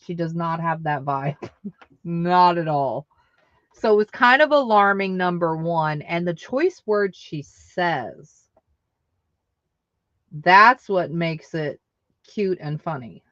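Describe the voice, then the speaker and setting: A woman's voice: on the low side, takes it slowly, pauses often, fairly bright tone, dry recording, dull audio. A woman hosting a live online craft sale, chatting casually and answering viewer comments aloud. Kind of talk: casual live-selling chat.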